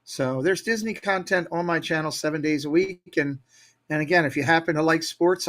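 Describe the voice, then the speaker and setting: Upbeat man, fairly high voice. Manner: energetic, upbeat, motivational. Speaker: guest, Disney YouTube creator. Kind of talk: casual interview storytelling.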